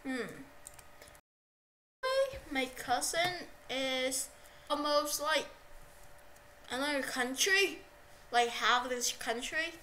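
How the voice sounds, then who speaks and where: A young woman livestreaming a game, excitable and repeating herself, yelping at what happens on screen. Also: high-pitched, slow pace, long pauses, a little hiss or hum, low-quality recording. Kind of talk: live gameplay commentary.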